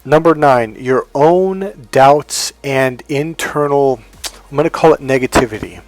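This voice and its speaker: A man's voice: medium pitch, unhurried, no echo, soft background music. A man giving relationship coaching advice in a blunt, emphatic monologue, acting out the voices he quotes.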